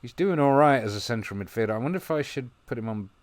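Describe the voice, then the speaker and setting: A man commentating on his football management game, musing quietly and then breaking into excited play-by-play. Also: mid-range voice, fast talker. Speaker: gaming video host. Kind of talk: gameplay commentary.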